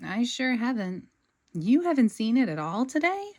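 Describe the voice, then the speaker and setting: Sandy, a woman doing a high helpful squirrel. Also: very animated, moderate pace, a little mellow. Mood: concerned. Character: kind helpful squirrel woman, young adult. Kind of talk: storybook read-aloud.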